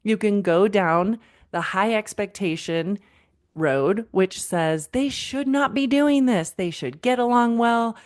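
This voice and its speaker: A woman's voice: mid-range voice, takes it slowly. A woman in her thirties hosting a parenting podcast as a counselor, talking conversationally and calling the listener "friend" while retelling client conversations. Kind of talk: warm direct-address podcast talk.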